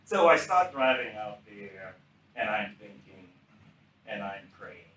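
An older man from South Carolina, a retired general telling stories from his career in a lively, anecdotal talk. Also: fairly low pitch, slow, far from the mic, a little hiss or hum. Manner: animated storyteller acting out quoted dialogue. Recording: echoey room, speaker off mic.

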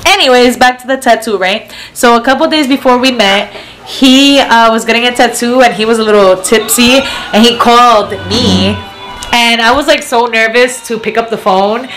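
A woman's voice: a little high, moderate pace, a bit bright, soft background music, rough recording. A woman vlogger, around her twenties, telling a story in casual chat and giggling often.

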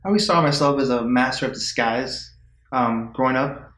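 A man's voice: medium pitch, moderate pace, fairly bright tone. A man as a talk show guest, rambling and hesitant with many fillers. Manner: rambling, hesitant, full of "you know" and "um". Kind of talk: comic interview. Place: studio with live audience. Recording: echoey studio, faint ambience.

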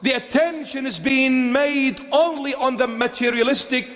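A bishop delivering an impassioned sermon to a congregation, emphatic and swinging between forceful declarations and hushed pleading. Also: male voice, very high-pitched, normal speed. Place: church with a congregation. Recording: long hall reverb.

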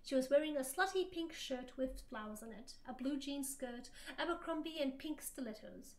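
High-voiced woman, laughing as she reads. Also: lively intonation, moderate pace, darkish tone. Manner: laughing, mock-dramatic reading. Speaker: guest co-streamer. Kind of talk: reading fan fiction aloud on a livestream.

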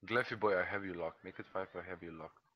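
A man's voice: deep voice, fast talker, muffled recording, background noise. A young man in casual gaming chat, brash and teasing, swearing freely. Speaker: gamer.

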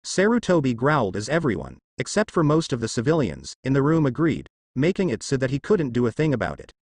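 A man narrating a fan fiction story with steady storytelling delivery. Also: mid-range voice, a little fast, husky, no echo, clean studio sound.

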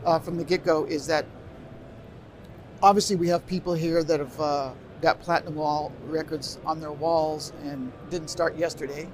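A man's voice: on the high side, fairly even intonation, moderate pace. Man, middle-aged, presenter, chatty, convention stage, stage microphone, noisy live room. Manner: chatty, directing the sound crew. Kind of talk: live workshop talk. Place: convention stage before an audience. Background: room noise.

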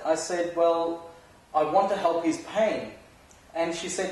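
A man's voice: a little high, slow pace, a little mellow. A man giving a physiotherapy lecture in a casual, conversational way, asking the audience rhetorical questions. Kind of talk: recorded university lecture. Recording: echoey lecture hall, mic at a distance.

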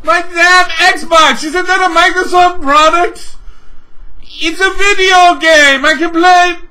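Man performing a comic ranting crank, sarcastic, explosive, shrill, tense. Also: big pitch swings, a little slow, heavily acted, poor audio. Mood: furious shouting. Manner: sarcastic rant that swings into shouting. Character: exasperated ranting man, easily outraged. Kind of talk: comedic character rant.

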